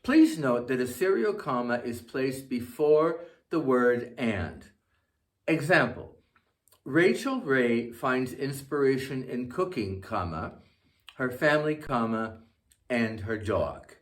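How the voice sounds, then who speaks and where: A man teaches punctuation in a calm, scripted voice-over. He spells out his example sentences deliberately and speaks every comma aloud, at a measured pace and in a middle register. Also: mid-range voice. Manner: slow, careful dictation of example sentences. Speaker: English teacher. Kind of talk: scripted grammar lesson narration.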